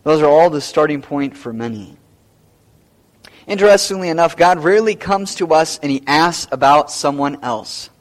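Male pastor, sermon delivery, high-pitched, emphatic, repeats lines for weight. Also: lively intonation, moderate pace. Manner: emphatic, repeats key phrases.

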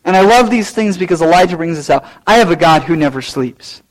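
A male pastor preaching a sermon, swinging between loud, raised lines and low, quiet asides. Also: expressive, fairly quick, poor audio.

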